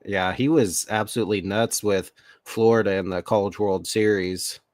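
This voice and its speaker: Deep flat-voiced man chatting. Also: moderate pace, no echo, studio quality. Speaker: co-host. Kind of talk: casual sports chat.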